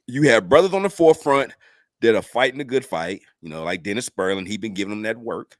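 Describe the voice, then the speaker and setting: A man's voice: fairly low pitch, quick pace, dry recording, studio quality. A man, a guest in a casual chat, laughing as he tells stories and acting out other people's lines. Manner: laughing, lively storyteller who acts out others' lines.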